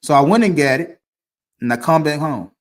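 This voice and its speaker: A man's voice: on the high side, expressive, normal speed. A man hosting a talk stream, telling a personal story in a loose, rambling way with restarts, from a dim room. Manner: loose, conversational, with frequent restarts and laughs. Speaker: podcast host. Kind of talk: casual storytelling to camera. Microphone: streaming setup mic.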